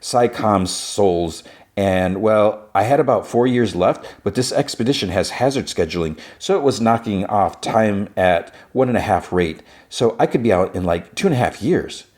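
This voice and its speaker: An eager young woman contract worker talks in a chatty, upbeat way, as a man recapping a show puts her on. The voice is lifted a little above the speaker's own deep register. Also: expressive, normal speed, darkish tone, close to an everyday voice.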